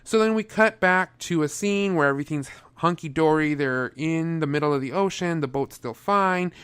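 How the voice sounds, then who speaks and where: A young man talks through a movie review with sarcasm and flashes of exasperation. His voice sits a little high for a man and comes across smooth and clear, recorded dry and close with no room sound. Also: normal speed, no room sound. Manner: exasperated, sarcastic, animated outbursts.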